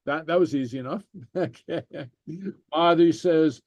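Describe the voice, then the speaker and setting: A man teaching a Gaelic class online, reading slowly and patiently with lots of fillers. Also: a little high, a little mellow, no echo, dull audio. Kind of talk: online language lesson.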